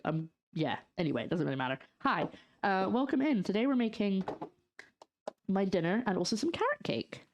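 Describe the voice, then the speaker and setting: A young Scottish woman cooking on a casual livestream, chatting loosely with viewers and trailing off into fillers as she works in her home kitchen. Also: mid-range voice. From Scotland. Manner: chatty, reads out and answers chat, trails off in fillers. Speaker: streamer.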